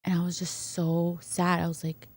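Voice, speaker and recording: A woman's voice: fairly low pitch, moderate pace. A woman guest on a podcast, telling a personal story casually and acting out what people said, often tagging on "right?". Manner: animated retelling, acting out quoted voices, fillers like "right?". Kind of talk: conversational storytelling.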